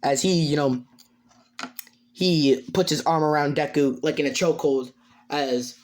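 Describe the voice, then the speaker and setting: Halting male storyteller improvising fan fiction, rambles and restarts. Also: a little high, fairly even intonation.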